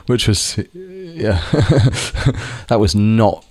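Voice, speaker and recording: A man's voice: fairly low pitch, lively intonation, measured pace, a little mellow, no room sound, clean studio sound. A young man talking casually to camera, rambling with lots of restarts and the odd swear word. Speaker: vlogger. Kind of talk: casual monologue.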